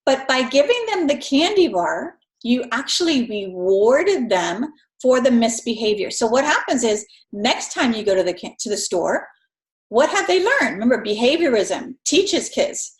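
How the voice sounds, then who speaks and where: A woman giving a conversational recorded lecture as an instructor, acting out parents and children in quick voices. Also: on the high side, big pitch swings, echoey room, poor audio.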